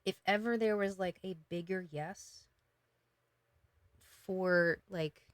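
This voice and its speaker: A woman giving a casual, emotional tarot reading, talking gently with many fillers and restarts. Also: on the low side, slow pace, no echo. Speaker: tarot reader.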